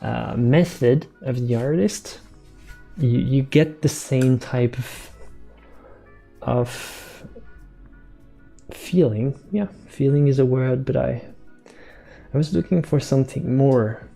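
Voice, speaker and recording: Guy painting on a live stream, talks real slow and soft, keeps repeating himself, low mellow voice. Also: gravelly, soft background music.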